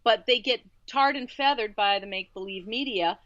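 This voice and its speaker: A woman's voice: mid-range voice, moderate pace, fairly bright tone, dry recording, muffled recording. Emphatic woman co-hosting talk radio. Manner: emphatic, repeats words while building a point. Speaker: radio show co-host. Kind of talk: casual talk radio commentary.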